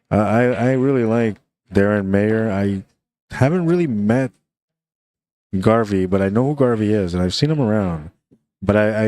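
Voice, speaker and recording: A man's voice: on the low side, mellow, no room sound. A man giving laid-back, chatty live commentary on a pool tournament, reading viewer messages and talking about the players. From Canada.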